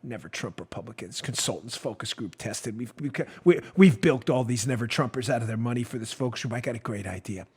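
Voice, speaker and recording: A man putting on a smug, dim male political consultant who mutters in a low mob-boss drawl. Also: lively intonation, brisk, few pauses, darkish tone, breathy edge. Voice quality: low, muttering, self-satisfied. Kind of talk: mocking impression on a talk show.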